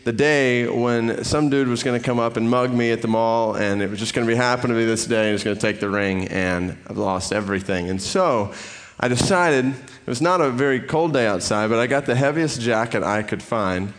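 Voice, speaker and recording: A middle-aged man from the Atlanta area giving a sermon, telling a personal story in an animated way before he reads scripture. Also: medium pitch, normal speed. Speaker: preacher.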